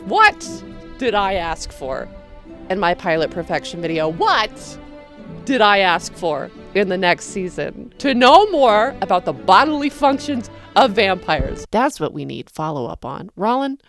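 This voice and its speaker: A woman chatting casually about her own drawings, excitable and crude, with sudden loud bursts. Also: medium pitch, measured pace, faint music behind. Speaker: video creator.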